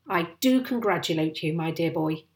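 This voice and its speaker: A woman reading aloud and voicing a tiny, excitable old male country doctor who gushes and exclaims. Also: lowish voice, moderate pace, recorded from a distance. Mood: overjoyed. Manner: exclamatory, gushing, hooting. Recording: roomy echo.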